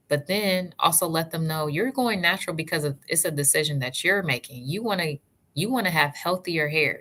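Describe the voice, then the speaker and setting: Woman hair vlogger, low pitch, bright forceful tone, chatty live-stream advice with friendly asides. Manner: warm, chatty, answers live chat by name, calls viewers sis and love; encouraging, advice-giving. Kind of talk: casual livestream chat.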